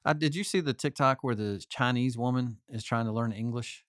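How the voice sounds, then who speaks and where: A man's voice: medium pitch, a little fast, fairly bright tone, dry recording, studio quality. Easygoing man co-hosting a sports show. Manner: chatty, easygoing, laughs along. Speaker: sports talk show co-host. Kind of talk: casual sports chat.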